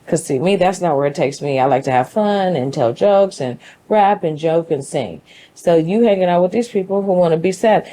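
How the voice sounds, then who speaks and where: A woman's voice: lowish voice, moderate pace, warm tone, slight background noise, poor audio. A woman hosting her own show, giving an emphatic, conversational motivational monologue with a preachy, faith-driven edge. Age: adult mother. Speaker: show host.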